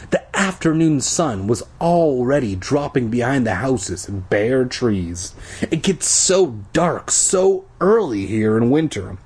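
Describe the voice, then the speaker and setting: Husky man doing a sarcastic reading. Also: medium pitch, darkish tone. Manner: sarcastic, crude. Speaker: reader. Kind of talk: comedic book reading with crude asides.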